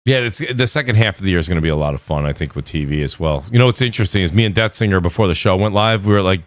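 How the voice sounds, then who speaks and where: A man with a New York accent, hosting a casual gaming podcast panel and talking in an animated, chatty way. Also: deep voice, racing, hardly any pauses, dry recording, studio quality. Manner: animated, talkative, slips into quoted voices. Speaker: podcast host.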